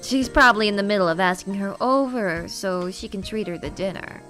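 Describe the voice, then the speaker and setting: A woman reading a visual novel aloud, voicing a gentle, cheerful teenage girl with light, friendly teasing. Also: medium pitch, brisk, faint music behind, natural voice.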